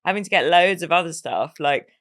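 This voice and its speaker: A woman's voice: on the low side, fairly quick, a bit bright. A woman co-hosting a podcast, chatting in an easygoing, giggly way with casual slang. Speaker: podcast co-host. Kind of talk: casual chat.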